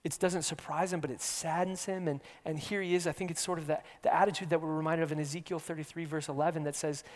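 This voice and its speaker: A man preaching an earnest sermon, repeating his words and shifting between hushed near-whispers and loud emphasis. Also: fairly high pitch, steady tone, quick pace. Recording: long hall reverb.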